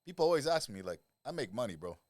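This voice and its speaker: On a dry recording, a middle-aged lifestyle coach chats as a podcast guest, speaking fast at medium pitch. His anecdotes are lively, peppered with swearing and with impressions of the people he quotes.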